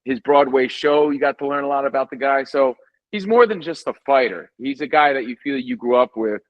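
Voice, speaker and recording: This is a man who hosts sports radio and is chatting as a podcast guest. He tells stories in an animated, emphatic way. The sound is a little dull and lo-fi. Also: medium pitch. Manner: animated storyteller, lively and emphatic. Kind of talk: casual chat.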